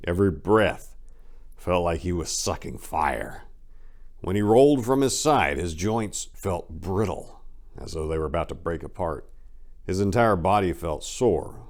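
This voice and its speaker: Deep-voiced man giving a dramatic reading. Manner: expressive, theatrical narration. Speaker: writer and channel host.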